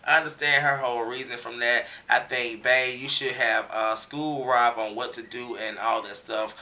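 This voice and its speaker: A man's voice: mid-range voice, steady tone, normal speed, bright, forceful tone. Guy rambling through a tv recap, slangy, lots of um and you know, sounds kinda far off the mic. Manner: loose slangy storytelling with many fillers. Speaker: TV show recap reviewer. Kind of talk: casual recap commentary.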